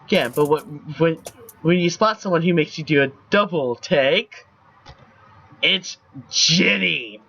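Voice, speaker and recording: Man with a fairly high voice reading game text aloud for a stream, playful, slightly muffled audio. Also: normal speed, fairly bright tone. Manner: playful, laughs at the lines.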